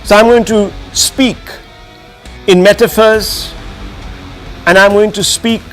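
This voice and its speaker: A man's voice: high voice, fairly even intonation, takes it slowly, a bit bright, faint music behind. A man with an Indian English accent hosting a TV news debate show, moderating firmly and interrupting to keep order.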